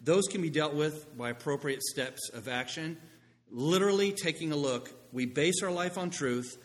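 A middle-aged man preaching a sermon as pastor, telling stories with lively asides and a conversational manner. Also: on the high side, normal speed. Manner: animated storytelling, conversational asides. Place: church sanctuary. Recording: long reverb in a large room.

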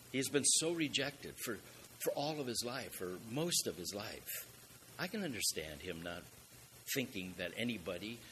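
A man's voice: lowish voice, bright, forceful tone, a little hiss or hum. A man preaching a sermon, asking rhetorical questions and building up with emphatic swells in volume.

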